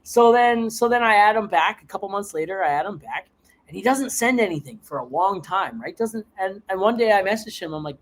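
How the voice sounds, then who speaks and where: A man from Canada hosting a podcast, telling profane stories in a casual chat with big jumps in pitch. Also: a little fast. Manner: profane, animated storyteller with big pitch swings. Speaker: podcast host.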